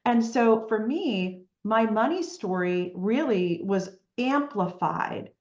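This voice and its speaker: A woman guest on an interview podcast, telling her story in a lively way and often asking "right?". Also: mid-range voice, slow pace, reverberant, lo-fi sound. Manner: animated storytelling, frequent "right?" tags.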